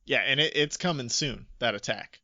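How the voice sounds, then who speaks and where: A man's voice: medium pitch, moderate pace, pushed and bright, dry recording, dull audio. A man co-hosting a podcast, chatting casually and animatedly as he breaks down rap lyrics, swearing freely. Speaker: podcast co-host.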